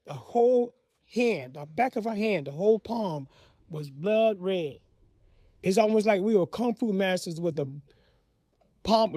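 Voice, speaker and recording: High-voiced man telling a personal story. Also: no room sound, clean studio sound. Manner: animated, vivid, dramatic pauses.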